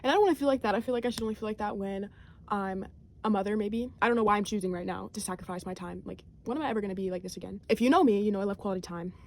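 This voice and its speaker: A woman's voice: medium pitch, racing, a little mellow. A young woman in her late teens recording a candid, rambling video diary, full of fillers and second-guessing. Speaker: high school senior vlogger.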